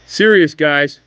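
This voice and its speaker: A man's voice: on the high side, sharp tone, dull audio. A man hosting a casual live stream from his room, rambling, swearing and laughing often as he talks to viewers. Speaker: channel host.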